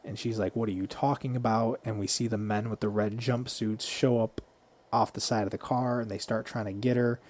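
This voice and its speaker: A man's voice: fairly low pitch, level tone, moderate pace, darkish tone. A man co-hosting a podcast, casually retelling a movie scene by scene and swearing freely. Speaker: podcast co-host.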